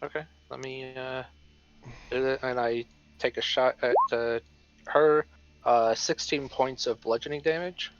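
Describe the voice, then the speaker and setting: A man's voice: medium pitch, fairly even intonation, measured pace, clean tone. A man playing a tabletop game, loose and chatty with many fillers. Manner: laughing, loose, filler-heavy. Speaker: player. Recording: dull lo-fi mic.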